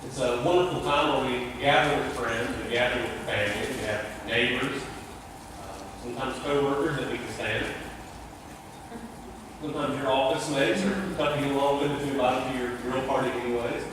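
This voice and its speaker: A man's voice: mid-range voice, a little fast, background noise. A man, a pastor preaching a sermon in a folksy, joking, earnest way. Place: large church sanctuary. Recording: distant echoey sanctuary recording.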